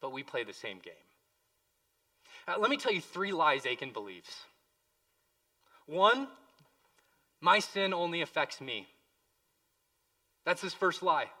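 Male pastor, fairly high, bright voice; impassioned sermon delivery, slightly distant mic. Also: sing-song, a little slow, pauses often. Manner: impassioned, swings from hushed to loud.

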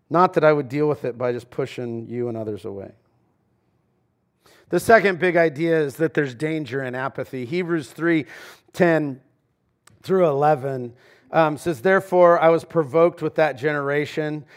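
Man preaching with a higher voice. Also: normal speed. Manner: conversational preaching with sudden shifts between loud emphasis and quiet asides. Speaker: pastor. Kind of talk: sermon. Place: church sanctuary.

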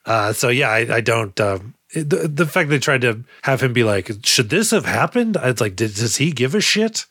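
A man's voice: mid-range voice, lively intonation, moderate pace, a bit bright, husky, no room sound, clean studio sound. A man co-hosting a movie podcast, rambling casually with lots of fillers and acting out quotes. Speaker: podcast co-host. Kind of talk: casual movie-discussion chat.

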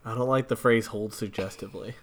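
A podcast co-host who drops short deadpan quips in casual chat. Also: medium pitch, a little fast.

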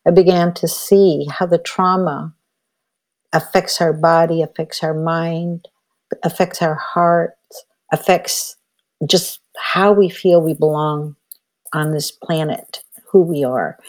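A woman's voice: low voice, steady tone, takes it slowly. An older woman, a healer and elder, telling a personal story in a reflective, conversational way with frequent "you know" fillers.

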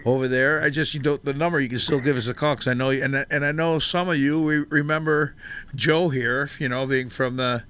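A man's voice: medium pitch, steady tone, brisk, a bit bright, a little hiss or hum. A man hosting a radio interview, talking loosely with plenty of fillers and restarts. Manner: loose and rambling, many fillers. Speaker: radio host.

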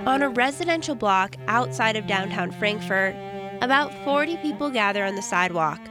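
A young woman from the United States narrating a radio feature report in a calm, measured first-person voice. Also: mid-range voice, over music.

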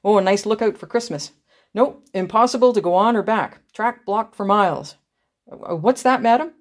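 A woman reading aloud, voicing a brisk, matter-of-fact male train conductor in a raised voice. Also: mid-range voice, pitched above the performer's own voice, lightly acted.

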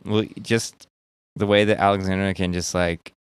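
A man in a casual group chat, speaking haltingly and searching for his words. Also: low voice, steady tone, a little hiss or hum.

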